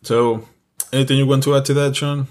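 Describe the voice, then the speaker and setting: Speaking briskly in a mid-range voice with little pitch movement, this podcast co-host has a Mexican accent and Spanish as his first language. His casual talk is earnest and repetitive, with plenty of swearing.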